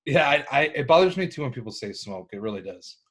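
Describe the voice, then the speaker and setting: A man's voice: mid-range voice, very animated, fast, fairly bright tone. Blunt, swearing man in casual chat. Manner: blunt and profane.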